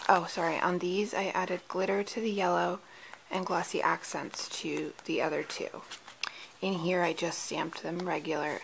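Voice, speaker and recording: Slow-talking woman showing handmade cards. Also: lowish voice, a little hiss or hum, rough recording. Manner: chatty, stumbles over names, quick apologies. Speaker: card-making crafter. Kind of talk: casual craft show-and-tell.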